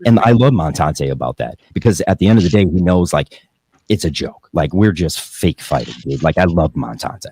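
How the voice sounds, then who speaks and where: A young man hosts a podcast in casual chat, rambling and cursing freely, breaking into laughter often. His voice sits extremely low, and the recording is dry and close, with no room around it. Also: expressive, moderate pace, a little mellow, breathy edge, no echo. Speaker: podcast host.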